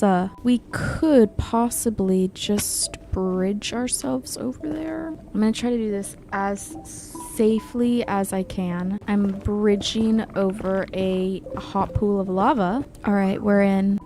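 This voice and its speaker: A woman giving casual gameplay commentary, chatty and excitable, talking to the creatures in her game. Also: medium pitch, slow, hardly any pauses, slight background noise. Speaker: Minecraft YouTuber.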